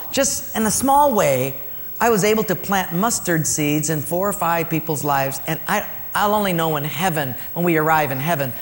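A man pastor preaching a storytelling sermon, swinging between loud and hushed. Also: high-pitched, a little hiss or hum. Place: church. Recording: reverberant hall, faint ambience.

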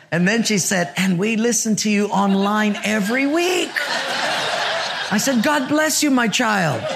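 A male pastor preaching a sermon and telling a personal story, animated, dropping to a hushed murmur for his inner thoughts. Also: high-pitched, gravelly, noisy background.

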